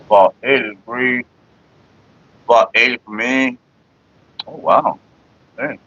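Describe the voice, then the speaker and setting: A man's voice: medium pitch, takes it slowly, sharp tone, muffled recording. A man vlogging casually, rambling in profane, mock-exasperated rants. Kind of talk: casual smoking-session vlog.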